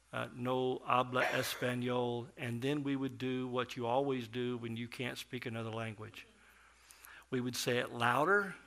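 Bright-voiced man preaching a sermon. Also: mid-range voice. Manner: storytelling, dynamic swings between loud and soft. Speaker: pastor.

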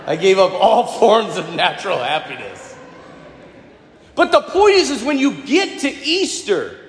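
A priest gives a sermon in a church, his voice pitched high for a man and swinging widely as he talks. He speaks in a conversational, humorous way and drives points home by repeating them. The sound is roomy, with a long reverb trailing each phrase. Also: a little slow, slight background noise. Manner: lively and conversational, with humor and emphatic repetition.

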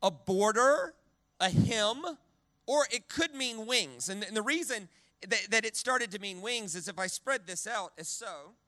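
A man preaching a sermon with a very high, bright voice and a dry, close sound. He is animated, has the crowd repeat words back to him, and often stumbles and restarts mid-phrase. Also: measured pace, no room sound. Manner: animated, leads the crowd in call-and-response repetition. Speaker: guest preacher.

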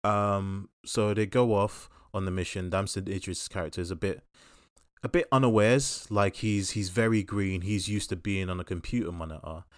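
Low-voiced man reviewing a film. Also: fairly even intonation, moderate pace, dry recording, studio quality. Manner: rambling, thoughtful, frequent fillers and restarts. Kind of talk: casual podcast chat.

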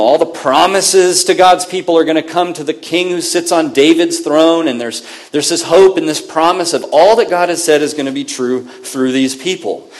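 A man serving as pastor preaches a sermon like he's telling a story in conversation, lively and frequently correcting himself mid-sentence. His voice sits at medium pitch.

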